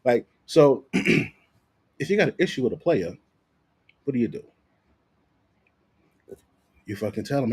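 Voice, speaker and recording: A man ranting casually about football, profane and animated, often repeating himself. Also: medium pitch, unhurried, long pauses, slightly rough. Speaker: sports commentator vlogger.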